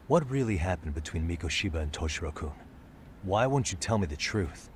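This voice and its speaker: A man voicing a calm, persistent detective who presses a witness with steady questions. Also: sits low, normal speed, a little hiss or hum. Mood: pressing. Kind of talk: game voice acting.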